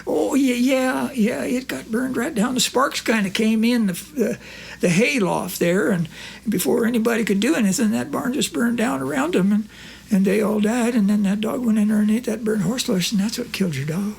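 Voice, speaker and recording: A man's voice: extremely high pitch, moderate pace, creaky, slightly rough, pitched above the performer's own voice, full character voice. A man voicing a rambling, evasive old rancher who drawls and stumbles over repeated words.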